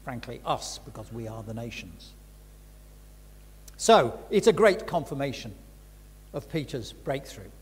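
A man's voice: medium pitch, big pitch swings, unhurried, long pauses, slightly rough. An older man giving a reflective Bible teaching talk as a preacher, frank and conversational, with emphatic stresses. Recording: long reverb of a large hall.

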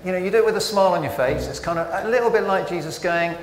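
Chatty preacher in echoey church. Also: male voice, high voice, very fast, slight background noise. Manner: conversational, self-interrupting, animated rhetorical questions. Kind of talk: sermon. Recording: echoey church with long reverb.

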